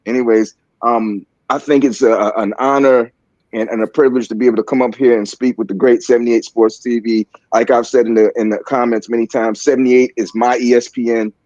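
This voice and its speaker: A man's voice: mid-range voice, little pitch movement, a little mellow, no room sound, dull audio. A man with a Baltimore accent giving casual, joking sports opinions, full of fillers and restarts. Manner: halting, filler-heavy, joking. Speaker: panelist on a sports talk stream.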